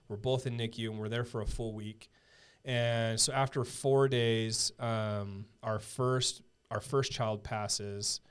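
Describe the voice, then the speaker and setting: A man in his thirties, a podcast guest telling a personal story in a casual, earnest way, full of halting restarts and fillers. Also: on the low side, smooth.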